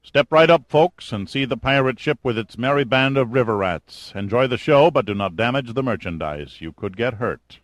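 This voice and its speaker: A man's voice: mid-range voice, lively intonation, moderate pace, few pauses, no room sound, natural voice. A man voicing a wry, daring adventurer who stays cool under threat, with dry, cocky humor. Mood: mocking showman.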